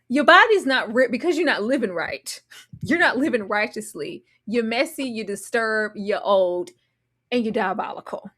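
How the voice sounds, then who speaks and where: A woman giving animated, sassy commentary recapping a reality show, often mocking the cast in put-on voices. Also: on the high side, unhurried.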